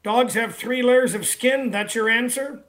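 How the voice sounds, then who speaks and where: Guy hosting a radio call-in show, kinda high voice, lots of uhs. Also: fairly bright tone. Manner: chatty, repeats numbers slowly, frequent uh fillers. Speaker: radio talk show host and dog trainer. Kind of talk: casual radio talk and promotion.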